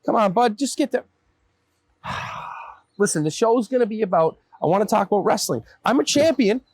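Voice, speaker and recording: A man's voice: high-pitched, expressive, normal speed. A man hosting a comedic chat outdoors in a backyard, grumbling and mock-exasperated. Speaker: host. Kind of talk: comedic casual banter.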